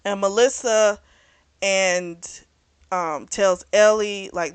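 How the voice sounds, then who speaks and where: Woman, book reviewer, casual plot recap, chatty, fillers, smooth voice, dry close sound. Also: medium pitch, measured pace, no room sound. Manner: chatty retelling with fillers and restarts.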